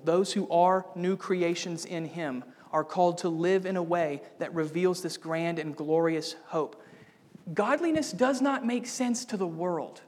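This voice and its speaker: A man's voice: sits high, a little mellow. Emphatic male pastor preaching in a reverberant hall. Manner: emphatic, rising to bold declarations. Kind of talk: sermon. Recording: long reverb of a church hall.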